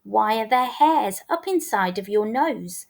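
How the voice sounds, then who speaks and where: A woman teacher reading a rhyming picture book aloud with a rhythmic, expressive delivery. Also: mid-range voice, unhurried, creaky. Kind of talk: storybook read-aloud.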